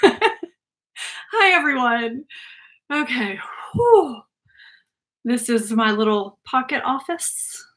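A woman's voice: a little high, expressive, drawn-out words, pauses often, a bit bright. A woman, chatting casually on a livestream from a small home office, laughing and sighing often. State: out of breath. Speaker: livestream host.

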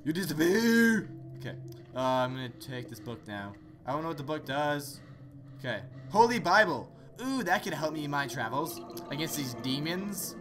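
A man hosting horror let's-play commentary, joking sarcastically and yelling in fright. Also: fairly high pitch, moderate pace, soft background music. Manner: excitable, jokey, sarcastic, screams in fright. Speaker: gaming channel host.

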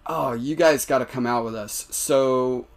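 An American man telling stories on a podcast, animated and laughing, with many restarts. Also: medium pitch, measured pace. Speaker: podcast guest. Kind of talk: casual storytelling.

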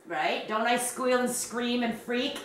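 A woman's voice: a little high, slow pace, fairly bright tone, slight background noise. A woman hosting a crochet video, chatting casually, rambling and laughing often. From Canada. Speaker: crochet channel host. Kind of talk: casual chat. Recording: roomy, distant mic.

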